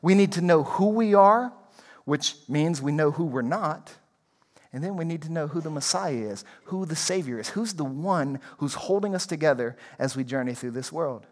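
A man's voice: a little high, expressive, moderate pace. A man, a pastor, preaching a sermon in an earnest, emphatic way, repeating key lines for weight.

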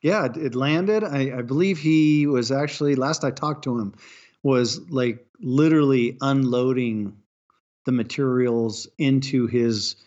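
A man's voice: medium pitch, measured pace, darkish tone. A man co-hosting a podcast in casual chat, hesitant, often restarting and agreeing. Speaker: podcast co-host. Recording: slightly dull, lo-fi mic.

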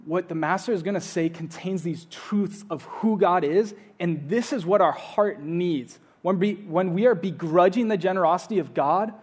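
A man preaching a sermon, earnest, repeating his phrases and swinging between loud urging and hushed appeals. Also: on the high side. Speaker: pastor.

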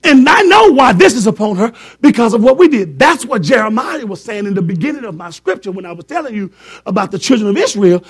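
A man's voice: high-pitched, sing-song, quick pace, slightly rough. A man preaching a fervent sermon, repeating words for emphasis and joking with his congregation.

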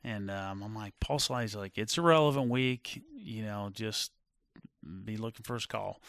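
A middle-aged former football player telling stories in a casual chat, animated and full of fillers. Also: male voice, on the low side, normal speed, dry recording, clean studio sound. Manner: animated storyteller with many fillers. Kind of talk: casual storytelling.

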